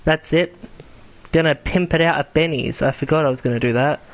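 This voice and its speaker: A man's voice: a little high, fairly quick. A young man talks his way through a game stream in a loose, rambling way, tossing in swears and jokes at his own expense. His voice is tired and cracks now and then. The recording is somewhat dull and lo-fi, as from a basic streaming mic. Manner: rambling, self-mocking, swears casually. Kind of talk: casual gameplay commentary.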